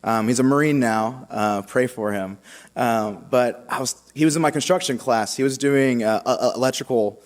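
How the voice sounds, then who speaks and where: A young man speaks to a congregation about his own path, his talk loose and halting, full of fillers and restarts. His middle-pitched voice carries a long reverb from a large church. It sounds like a personal testimony given from the front of the nave. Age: young adult. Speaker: seminarian giving a vocation talk.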